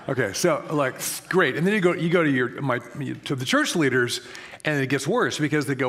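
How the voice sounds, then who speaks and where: A man in his seventies, a guest author who tells animated anecdotes quickly and acts out the voices of other people. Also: on the high side. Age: 70s. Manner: rapid, animated storyteller acting out dialogue. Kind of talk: storytelling interview answers.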